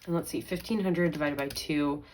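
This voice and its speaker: A woman's voice: low-pitched, steady tone, moderate pace, a little mellow, slight background noise, rough recording. A young woman, chatting casually as she counts out budget money in a vlog. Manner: chatty, counting aloud, mild self-talk. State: pregnant. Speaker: budgeting vlogger. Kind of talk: casual chat while counting cash.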